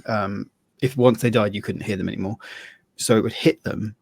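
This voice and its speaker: A man's voice: on the low side, steady tone, moderate pace, vocal fry, slightly rough, no room sound. A man co-hosting a podcast, telling rambling stories in a casual chat with many fillers. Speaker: podcast co-host.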